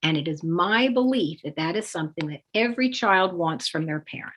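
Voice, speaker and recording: A woman teaching parents, explaining steps calmly and acting out sample phrases with lively emphasis. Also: fairly low pitch, fairly quick, slight background noise. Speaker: parenting educator. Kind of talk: instructional talk with demonstrations.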